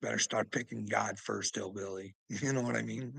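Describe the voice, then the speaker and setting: A man's voice: on the low side, a little slow, gravelly, fairly bright tone, slightly rough, dry recording, low-quality recording. A man in a profane, combative ranting commentary, scornful and often laughing. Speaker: vlogger.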